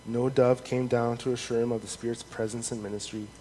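A man preaching a sermon in an earnest, measured way, reading scripture aloud with rising emphasis. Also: mid-range voice, level tone, mellow. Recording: long hall reverb, faint noise.

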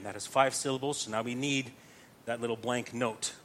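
A man's voice: medium pitch, normal speed, fairly bright tone, a little hiss or hum. A man teaching psalm chanting step by step, patient and explanatory, often checking that listeners follow.

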